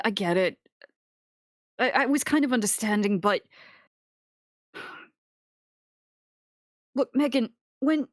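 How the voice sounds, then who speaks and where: A woman speaking in character during a tabletop game, hesitant and sighing, with many pauses. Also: a little high, no room sound, clean studio sound. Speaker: player. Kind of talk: in-character tabletop role-play.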